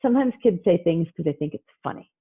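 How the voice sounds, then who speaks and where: A woman's voice: on the low side, lively intonation, quick pace, slightly rough. Lady talking parenting on a video call, chatty, plays out the kids' voices, sounds like a tinny phone line. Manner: chatty, acts out kids and parents in quoted asides. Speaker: parenting presenter. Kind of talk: casual online talk.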